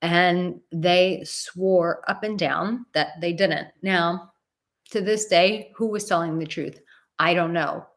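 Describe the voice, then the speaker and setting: A woman in her thirties hosts a live advice stream in a slightly low voice. She talks bluntly and with animation, acting out what others said and not shy about swearing. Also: slow pace. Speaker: relationship advice host.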